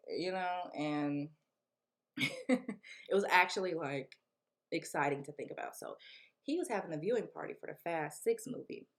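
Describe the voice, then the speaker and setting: A young woman vlogging, telling a story in a casual, slangy, animated way and acting out what people said. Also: fairly low pitch. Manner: animated, slangy, acts out quotes.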